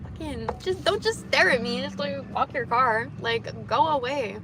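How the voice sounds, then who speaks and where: A woman's voice: sits high, expressive, moderate pace. A young woman livestreaming casually from her car, swearing and muttering at other drivers as she looks for parking. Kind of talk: casual live stream chat while driving. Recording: loud car noise behind voice. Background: car and road noise.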